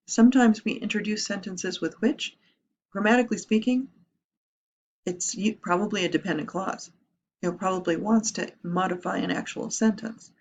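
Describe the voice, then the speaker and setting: A woman teaching a grammar lesson, lively, explaining step by step and asking rhetorical questions. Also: medium pitch, moderate pace, slightly rough, highs cut off. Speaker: writing teacher.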